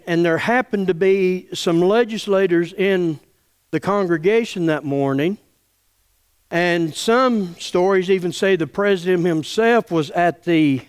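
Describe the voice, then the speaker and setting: A man's voice: sits high, clear, resonant tone. A man preaching an earnest, impassioned sermon as a pastor in a church.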